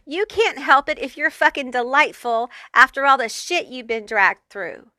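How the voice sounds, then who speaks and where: A woman's voice: a little high, expressive, moderate pace, hardly any pauses, pushed and bright, no echo, clean studio sound. A woman giving a pick-a-card tarot reading, talking straight to the viewer in a blunt, profane, fired-up way. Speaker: tarot reader.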